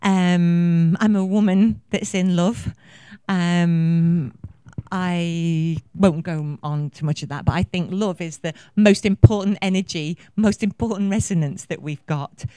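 50s woman giving a conference talk, gushing and chatty, smooth clear voice, dry sound. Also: lowish voice, fairly even intonation, a little slow, mellow, no echo. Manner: effusive and passionate, rambling with many fillers. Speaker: conference speaker. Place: conference venue.

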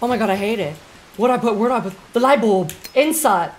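A woman streaming a horror game live, chatting excitably with her viewers and swearing whenever something startles her. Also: on the high side, fast, loud music behind the voice, a loud crowd.

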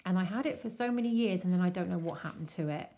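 A woman chatting casually and excitedly as she unwraps a craft swap parcel. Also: on the low side. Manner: gushing, excitable, slow-paced. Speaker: crafting vlogger. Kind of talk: casual unboxing chat.

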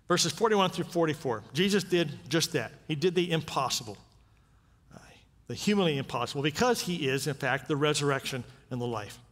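A man's voice: fairly high pitch, lively intonation, a little fast, fairly bright tone. A man preaching a sermon as pastor, talking in a conversational way with frequent rhetorical questions. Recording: long reverb of a church sanctuary.

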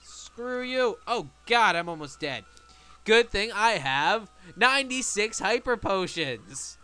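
A high, bright male voice that swings wildly up and down as he talks through a game. He is excitable, shouting and begging at the screen between casual asides, with faint game music playing behind him. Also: slow pace, smooth. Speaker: let's play gamer.

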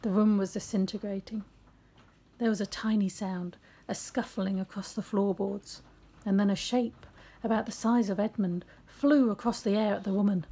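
Breathy mid-age lady reading her story at home, stops to chat now and then. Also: mid-range voice, steady tone, moderate pace, warm tone. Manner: reads her story aloud and breaks off for chatty asides. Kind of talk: casual story reading with asides. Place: home office.

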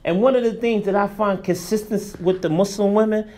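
A man's voice: sits high, fairly quick, warm tone. A man teaching a religious class in an emphatic, colloquial preaching manner. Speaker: Islamic teacher. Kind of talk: religious lesson.

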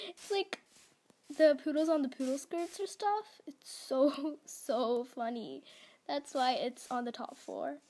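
A woman's voice: sits high, expressive, slow, darkish tone. A young woman giving casual, giggly gameplay commentary, gushing and stumbling over words. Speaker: gaming vlogger.

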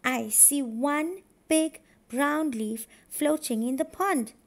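A woman voicing a sad, gentle young male duck in a storybook reading, speaking softly and wistfully. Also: high-pitched, slow.

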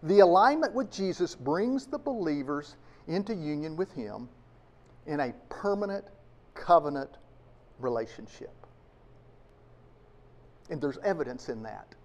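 A man's voice: on the high side, big pitch swings, a little slow, pauses often. A man preaching a sermon to his congregation, emphatic and full of rhetorical questions. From United States. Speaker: pastor.

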